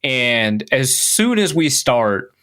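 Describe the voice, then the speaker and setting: A young man with a bright, forceful voice tells a story on a podcast. He is animated and self-mocking, and he laughs as he talks. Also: medium pitch, slow. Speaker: podcast co-host. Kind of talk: casual storytelling chat.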